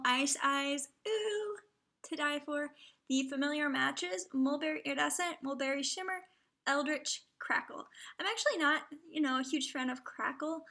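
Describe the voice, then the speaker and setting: A young woman hosts a casual livestream in a high, bright voice edged with vocal fry. She chats freely and keeps slipping into soft, half-whispered asides. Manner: chatty, often drops into half-whispered asides. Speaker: livestream host. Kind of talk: casual live commentary.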